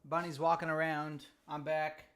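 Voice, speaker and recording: A man co-hosting a live game stream, chatting casually and trash-talking excitedly while he plays. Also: a little high, moderate pace. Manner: excitable trash talk during gameplay. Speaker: livestream co-host.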